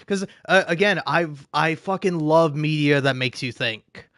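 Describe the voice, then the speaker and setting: A man's voice: on the high side, unhurried, a bit bright, no echo, studio quality. A man live streaming, talking in a casual, rambling, profane and self-deprecating way, often laughing.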